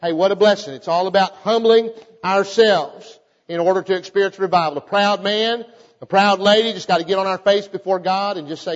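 A man preaches, sliding from relaxed folksy storytelling into fervent, emphatic calls to his congregation. His voice sits high for a man. The sound is muffled and rings through a reverberant church hall. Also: fairly quick. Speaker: pastor. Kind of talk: sermon.

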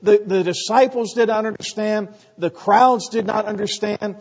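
A man preaches with emphasis, slipping into the voices of the crowd. His voice sits high. It rings with long reverb in a church hall, through a dull, lo-fi recording. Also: normal speed, husky. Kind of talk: sermon.

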